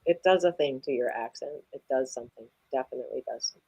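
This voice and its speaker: A woman's voice: very deep voice, fast talker, warm tone, husky. A woman co-hosting a casual livestream chat, joking and teasing. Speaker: livestream co-host.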